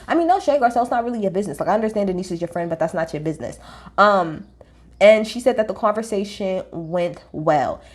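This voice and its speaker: A woman's voice: medium pitch, darkish tone. A woman giving a casual recap of a reality show, blunt, profane and full of opinions, talking straight to her viewers.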